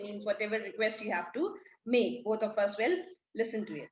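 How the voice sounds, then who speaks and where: This English literature teacher, a woman with a medium-pitched voice, talks fairly quickly with few pauses, and the audio sounds dull. Recorded in an echoey room, she goes through a play line by line, restating each line and answering her own questions.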